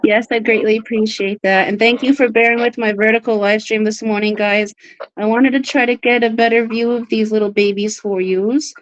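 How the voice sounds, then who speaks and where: A woman hosting a casual live stream, bubbly and quick to laugh, who baby-talks to her pets while she chats. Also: fairly high pitch, fairly even intonation. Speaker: livestream host. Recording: dry, slightly dull livestream audio.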